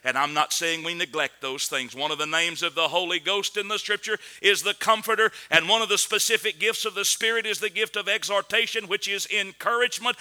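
Bright high-voiced man preaching with fervor. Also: steady tone, fairly quick, hardly any pauses, clean tone. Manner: earnest, swings between loud emphatic preaching and low quiet stretches. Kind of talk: sermon.

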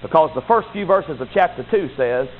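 A man's voice: expressive, normal speed. Emphatic preacher man, tinny sound. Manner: emphatic preaching, swinging between loud exclamations and low asides. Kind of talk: sermon. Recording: tinny phone-like sound with faint noise.

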